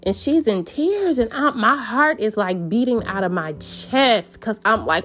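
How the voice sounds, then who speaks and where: A woman's voice: a little high, expressive, unhurried, few pauses, fairly bright tone, faint music behind. A woman telling a personal story in an earnest, meandering way, with many fillers and restarts.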